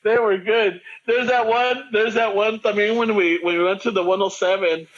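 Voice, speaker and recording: Laid-back Chicano man, high voice. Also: fairly even intonation, normal speed, a bit bright, highs cut off. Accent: Chicano English. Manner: loose, laughing, code-switching banter with cursing. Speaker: podcast co-host. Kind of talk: casual chat.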